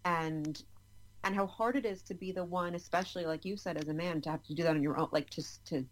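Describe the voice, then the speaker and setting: A woman's voice: on the low side, low-quality recording. A woman co-hosting a football podcast, talking through her views in a casual, thoughtful way. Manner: thoughtful, chatty, quick to laugh. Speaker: podcast co-host. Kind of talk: casual chat.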